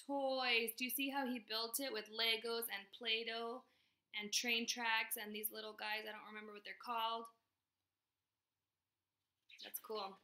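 Casting: woman teacher, high bright voice, storybook read-aloud for little kids. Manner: expressive, pauses to ask questions. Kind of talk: reading a storybook aloud to young children.

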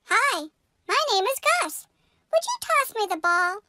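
A performer voicing a friendly big male police dog through a high pitch-shifted effect, cheerful and playful. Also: sing-song, unhurried, noisy background, full character voice.

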